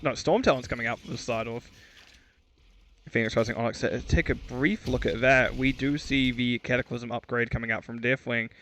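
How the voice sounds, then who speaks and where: A man's voice: mid-range voice, normal speed, fairly bright tone, a little hiss or hum. A man giving solo esports commentary, chatty and self-mocking, stumbling over player names and correcting himself. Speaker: esports caster.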